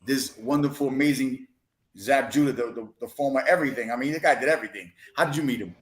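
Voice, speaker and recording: A man's voice: medium pitch, fast. Man hosting a podcast in an echoey room. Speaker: podcast host. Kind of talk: casual podcast interview.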